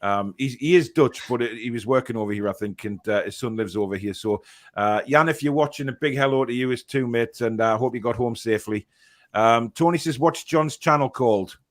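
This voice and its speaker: A young man hosting a casual fan podcast, reading viewer comments aloud with lots of fillers and quick reactions. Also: medium pitch.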